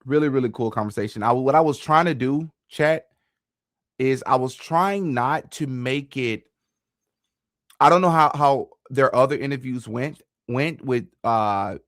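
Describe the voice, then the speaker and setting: Gravelly-voiced man hosting a podcast. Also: mid-range voice, no room sound, studio quality. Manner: stammers and repeats words. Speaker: podcast host. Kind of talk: casual live interview.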